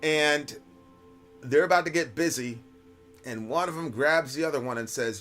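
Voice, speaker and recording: A man hosts a casual live stream and answers viewer questions. His voice is bright and forceful, and his pitch sits in an ordinary middle range. He talks in a loose storytelling way, checking in with "right?" and "like", while faint music plays underneath. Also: normal speed. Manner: conversational storytelling, frequent "right?" and "like".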